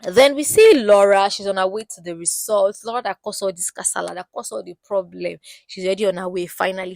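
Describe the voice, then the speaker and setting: A young Nigerian woman with a Nigerian accent, recapping a reality show in casual, gossipy commentary and putting on the cast's voices in quick asides. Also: on the low side, vocal fry, a little mellow, dry recording.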